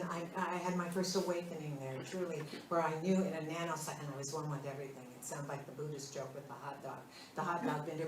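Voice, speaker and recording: An older woman minister telling personal stories in a chatty, animated way during a spiritual talk. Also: low voice. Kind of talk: casual storytelling in a spiritual talk. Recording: roomy hall with a distant mic and faint noise.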